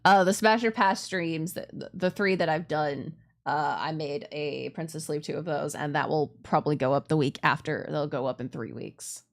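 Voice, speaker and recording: A woman's voice: low-pitched, normal speed, few pauses. A woman streaming a video game, chatting casually in a rambling, self-deprecating way with lots of giggles.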